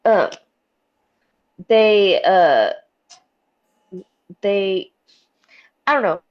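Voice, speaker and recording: A woman's voice: mid-range voice, animated, very slow, muffled recording. A woman in casual podcast chat who swears freely and laughs often. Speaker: podcast co-host.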